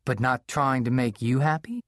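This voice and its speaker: A man voicing a calm woman counselor asking probing questions in an audiobook. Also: medium pitch, normal speed, no room sound, studio quality, close to an everyday voice.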